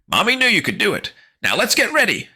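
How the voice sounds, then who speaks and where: A man's voice: sits high, huge pitch swings, fairly quick, bright, forceful tone, husky, pitched above the performer's own voice, heavily acted. A man voicing a strict, peppy mother in her late thirties who barks exercise commands like a drill sergeant, in an audiobook. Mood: cheerful. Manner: bossy sing-song drill commands. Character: strict peppy fitness-drill mom, nearly forty.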